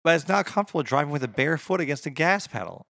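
Teasing co-host, bright and forceful tone, lively pitch. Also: male voice, fast, vocal fry, no echo, clean studio sound. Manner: teasing, chimes in with jokes. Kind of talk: casual chat.

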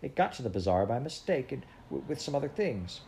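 A man reading aloud and voicing an earnest young girl in a storybook, with a gentle, pleading put-on voice. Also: mid-range voice, big pitch swings, brisk, vocal fry, voice pushed up.

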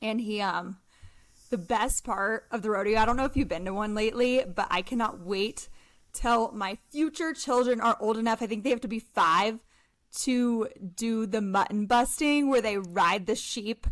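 A bubbly young woman from Colorado co-hosting a chatty podcast, telling her stories with plenty of enthusiasm. Her voice sits a little higher than most women's. She talks in a loose, friendly way. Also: moderate pace, fairly bright tone, dry recording. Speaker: podcast co-host. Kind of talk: casual chat.

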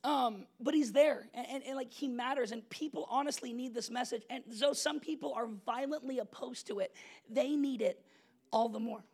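A young adult man preaching a casual, story-driven sermon as pastor, animated and conversational, laughing often and checking in with the congregation. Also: very high voice, moderate pace. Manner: animated, conversational, laughs often, asks "you know what I'm saying?".

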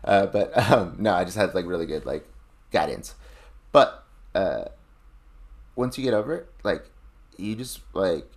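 A man's voice: sits low, lively intonation, unhurried, long pauses. A man chatting casually on a podcast, rambling with constant "like" fillers and plenty of swearing. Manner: rambling, lots of filler "like", profane. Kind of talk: casual chat.

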